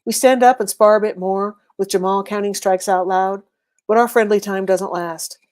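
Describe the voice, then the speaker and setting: A woman reading a first-person serialized story aloud in a steady, wry, conversational way. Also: medium pitch, moderate pace. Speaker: reader.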